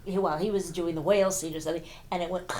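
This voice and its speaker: An older woman from Texas, a stage and screen actress, chatting as an interview guest and telling animated stories. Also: fairly low pitch, very fast. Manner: animated storyteller who acts out quoted voices. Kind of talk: casual interview chat.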